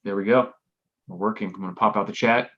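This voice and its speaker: Guy with a stuffy nose, easygoing live stream chat, lowish voice, dull audio. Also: steady tone, quick pace. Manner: easygoing, chatty. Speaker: podcast co-host.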